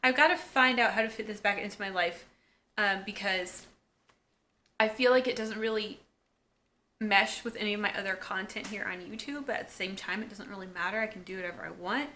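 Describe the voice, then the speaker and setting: A woman recapping a TV episode in a casual vlog, chatty and full of fillers and excited asides. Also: medium pitch, fairly quick, slight background noise. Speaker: YouTube episode reviewer.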